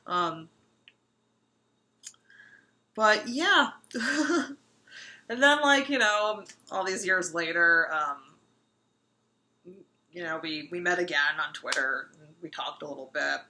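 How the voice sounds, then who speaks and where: A woman's voice: fairly low pitch, creaky, sharp tone, low-quality recording. A woman in her thirties telling a personal anecdote casually, rambling and full of fillers. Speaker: storyteller.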